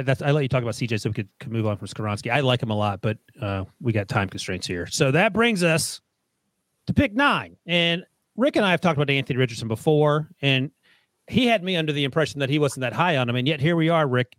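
A man hosting a casual sports talk show, briskly moving through mock draft picks. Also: mid-range voice, fairly bright tone, no echo. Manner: brisk, moves the segment along. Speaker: podcast host running a mock draft.

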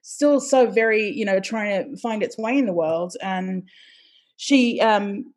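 A woman from Hawaii talking as a podcast guest, chatty and animated and laughing often. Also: mid-range voice, slow. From Hawaii, United States. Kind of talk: casual interview chat.

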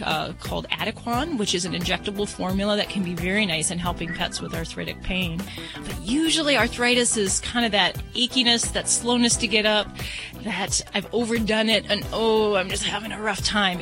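A woman veterinarian gives call-in advice in a chatty, hedging manner, full of ums and self-corrections. Her voice is mid-pitched, and music plays clearly underneath her. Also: low-quality recording. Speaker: veterinarian guest.

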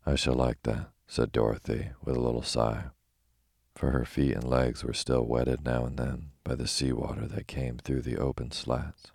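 A man reading a bedtime story aloud in a calm, steady narration. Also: rumbling low, normal speed, vocal fry, slightly rough, no echo, studio quality.

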